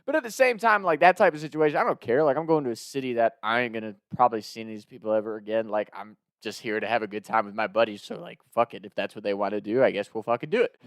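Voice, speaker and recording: A young man from the Midwest, telling a wild personal story in a casual, profane, animated way. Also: medium pitch, fast talker, hardly any pauses, no echo, clean studio sound. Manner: profane, animated, laughs at his own story.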